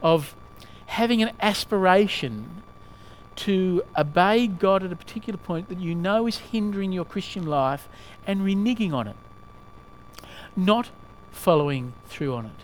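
A male preacher giving a sermon in a halting way, often asking the listeners questions. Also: sits high, animated, slight background noise.

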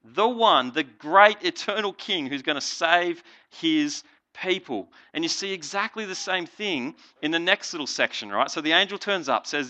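Animated man giving a youth talk. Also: fairly high pitch, normal speed. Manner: chatty, animated, lots of "like" and "right?". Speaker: youth leader. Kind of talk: casual youth talk on a Bible passage.

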